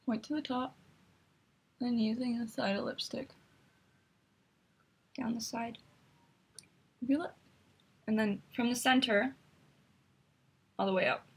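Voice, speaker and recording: A woman's voice: on the high side, steady tone, a little slow, pauses often, breathy edge. A woman hosting a makeup tutorial, chatty and instructive as she talks through each step while demonstrating.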